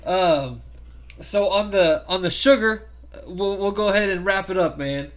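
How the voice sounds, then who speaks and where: A man's voice: high voice, measured pace, a bit bright. A man hosting a casual interview podcast, asking questions and backing the guest with short replies. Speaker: podcast host.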